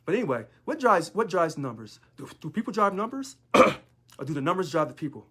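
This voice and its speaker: A man's voice: on the high side, very animated, a little fast, sharp tone, husky. A man, a union local leader, talking in a sarcastic monologue full of rhetorical questions. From United States. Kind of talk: casual monologue video.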